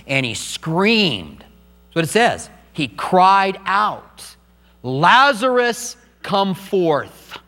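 An older man, a pastor, preaching a sermon with animated delivery and acted-out quotes. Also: on the high side. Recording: long hall reverb, faint mains hum.

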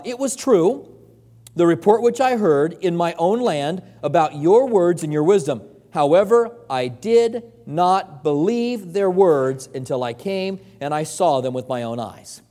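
A man's voice: sits high, animated, a little slow, warm tone, in a large hall. A man preaching a sermon as pastor, earnest and conversational, repeating points for emphasis.

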